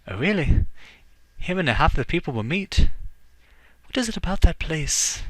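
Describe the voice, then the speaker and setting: A man's voice: high voice, lively intonation, moderate pace, fairly bright tone, dry recording, pitched above the performer's own voice. A man putting on a brash young Irish woman. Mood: teasing. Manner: put-on Irish lilt slipping toward Scottish. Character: forceful tomboyish young woman, teasing. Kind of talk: voice-acted game reading.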